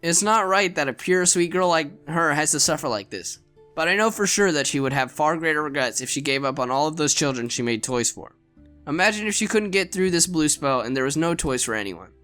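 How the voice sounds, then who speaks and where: A man reads a visual novel aloud in an earnest, expressive way, stumbling over a word now and then. His voice is bright and sits a little high for a man. Soft music runs behind him. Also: fairly quick. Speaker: narrator reading a visual novel.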